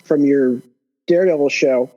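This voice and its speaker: Mellow man on dull lo-fi voice chat. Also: mid-range voice, moderate pace. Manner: chatty, adds comments and asides. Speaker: listener calling into the show. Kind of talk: casual chat.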